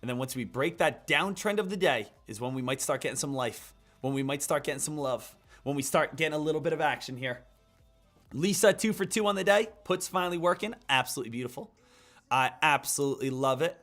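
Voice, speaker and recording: Male trading-stream host, higher-pitched, pumped-up coaching patter, soft music behind. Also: animated, a little fast. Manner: upbeat, repetitive hype, addresses viewers as guys and traders. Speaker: day-trading livestream host. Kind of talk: live market commentary and coaching.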